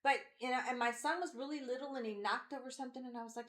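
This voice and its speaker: A woman's voice: sits high, quick pace, few pauses, fairly bright tone, echoey room. A woman in her forties on a podcast, telling personal stories in a rambling way, with lots of fillers and quoted voices. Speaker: podcast co-host. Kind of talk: candid personal conversation.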